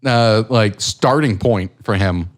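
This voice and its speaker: A man's voice: on the low side, slow. A man co-hosting a podcast in casual chat, rambling and swearing freely with self-deprecating humor. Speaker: podcast co-host.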